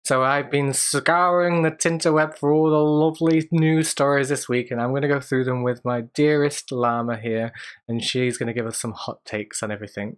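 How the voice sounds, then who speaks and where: Guy hosting a geeky news show, chatty, medium pitch, reads bits out and riffs on them. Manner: chatty, reading quotes aloud with asides. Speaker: podcast host. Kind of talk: casual news roundup.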